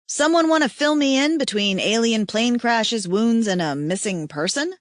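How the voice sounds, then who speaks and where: A woman's voice: moderate pace, no room sound, close to an everyday voice. A woman doing a bubbly, slangy young huntress. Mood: excited. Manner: excited, slangy, high-spirited.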